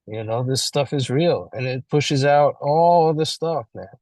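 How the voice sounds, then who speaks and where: A man co-leading a recovery book study, talking in a slangy, animated way and acting out little scenes as he explains. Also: medium pitch, a little slow, no echo, poor audio. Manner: animated, slangy, acts out scenarios. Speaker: study group co-leader. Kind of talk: casual recovery-meeting share.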